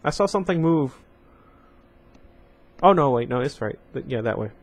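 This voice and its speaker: A man's voice: medium pitch, expressive, normal speed, creaky. A man hosting a casual read-aloud of a young adult novel. He reads the story plainly and often breaks off to chat with his viewers. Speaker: channel host reading a novel aloud.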